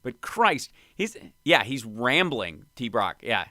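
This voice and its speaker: A man hosting a live stream, reacting to clips with wry, excitable commentary. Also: medium pitch, takes it slowly, no room sound, studio quality. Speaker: host.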